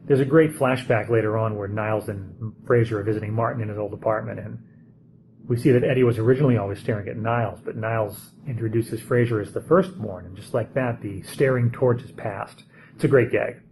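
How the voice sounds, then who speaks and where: A man's voice: lowish voice, fairly even intonation, brisk, vocal fry, a little mellow, a little hiss or hum, poor audio. A man talking casually about a TV episode, thinking aloud with fillers and restarts. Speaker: TV show reviewer. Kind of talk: casual spoken commentary.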